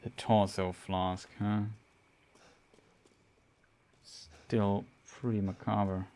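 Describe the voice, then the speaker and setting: A man's voice: on the low side, level tone, extremely slow, warm tone. Man thinking aloud over a game. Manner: thinking aloud, hesitant with fillers. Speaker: streamer. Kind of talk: casual gameplay commentary.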